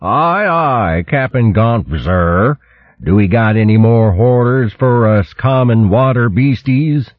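A gruff, rustic mole, played by a man, drawling slowly in a thick country dialect. The voice is low and husky, with a slightly muffled sound. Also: dry recording. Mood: mock-respectful.

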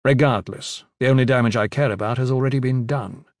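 A calm, commanding grown leader with a dry streak of humor, as a narrator plays him, at an everyday middle pitch. He speaks firmly and without hurry, in a dry, close recording. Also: a little fast, no echo, lightly acted. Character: grown male leader, steady, wry and commanding. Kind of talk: audiobook character voice.

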